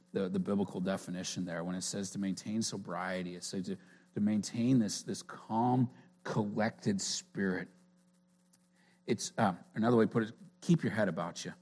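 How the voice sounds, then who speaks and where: A man's voice: lowish voice, darkish tone. A man giving an informal sermon in an earnest, conversational way, often restarting his sentences. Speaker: preacher.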